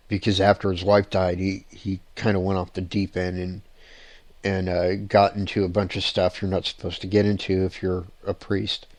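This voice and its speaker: A man hosting a paranormal show, telling ghost-hunting stories in a rambling, excited way with frequent laughs and restarts. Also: sits low, dry recording. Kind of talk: casual storytelling on a show.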